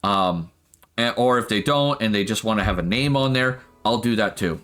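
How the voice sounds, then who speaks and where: A man's voice: lowish voice, moderate pace, a bit bright, faint music behind. A man streaming a game, chatting casually and laughing often as he rambles. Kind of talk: casual live-stream chat.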